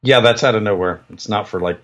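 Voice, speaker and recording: A man with a husky voice making dry, wry comments in casual chat. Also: fairly low pitch, brisk, a bit bright. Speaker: podcast co-host.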